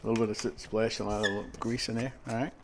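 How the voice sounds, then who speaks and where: A man's voice: on the low side, level tone, racing, noisy background. Rambling older New man cooking. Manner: rambling, chatty, many fillers and asides. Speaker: home cooking host. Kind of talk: casual cooking demonstration. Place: home kitchen.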